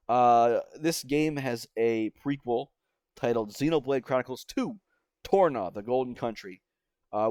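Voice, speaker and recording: A man's voice: medium pitch, a little mellow, clean tone, dry recording, studio quality. Chatty, exasperated young man reviewing games. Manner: chatty and exasperated, with many fillers and self-interruptions. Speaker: game reviewer. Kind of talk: casual spoken video review.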